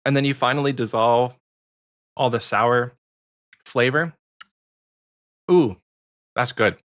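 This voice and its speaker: A man's voice: mid-range voice, slow, a bit bright. Chatty American man hosting a podcast. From United States. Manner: rambling, chatty, frequent ums. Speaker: podcast co-host. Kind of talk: casual podcast chat.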